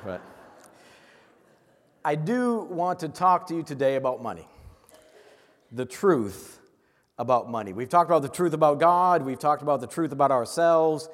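A man from Massachusetts preaches a sermon with a high, bright voice. He is earnest, rushes through his asides and slows right down on the words he wants to land. His voice rings out with a long reverb from a large hall. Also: lively intonation. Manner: earnest, with quick asides and slow emphatic stresses. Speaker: pastor.

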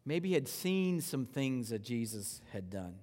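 A man preaching a sermon in a conversational way, moving between loud rhetorical questions and hushed, slow reverent passages. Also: medium pitch, sing-song, big-room sound. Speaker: pastor.

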